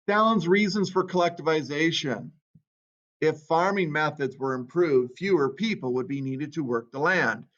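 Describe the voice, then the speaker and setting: A man's voice: a little high, moderate pace, a bit bright. A man teaching a history lesson in a casual way, reading out quotes and then commenting on them. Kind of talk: classroom history lecture. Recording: dull lo-fi recording.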